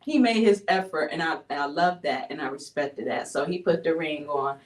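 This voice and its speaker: A woman from Buffalo, New York sharing a personal testimony as an interview guest, telling her story in an animated way with frequent laughs. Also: low voice, moderate pace. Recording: roomy sound from a distant mic.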